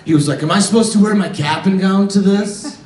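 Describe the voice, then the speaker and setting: A man's voice: high-pitched, a little fast, crowd noise. A man in his forties doing a stand-up comedy set on a theater stage, telling stories in a chatty way and acting out family dialogue. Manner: conversational storytelling, acts out family dialogue. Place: theater stage with a live audience. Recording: roomy theater sound from a distance.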